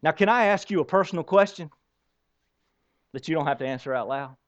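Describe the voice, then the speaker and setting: A man delivers a sermon as pastor in a slightly high voice, putting rhetorical questions straight to his listeners. The recording is dull and lo-fi. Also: fairly quick. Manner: animated preaching with rhetorical questions to the congregation.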